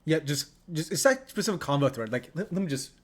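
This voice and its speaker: A man's voice: fairly high pitch, animated, fast talker. A man co-hosting a podcast in casual chat, leaning heavily on "like" and teasing his co-host. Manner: lots of "like" fillers, teasing.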